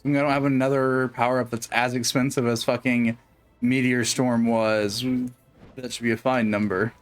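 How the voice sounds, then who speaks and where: A man's voice: medium pitch, level tone, moderate pace, smooth, faint music behind. A man chatting casually while playing a co-op game, rambling and laughing often. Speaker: co-op game streamer. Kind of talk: casual gaming chat.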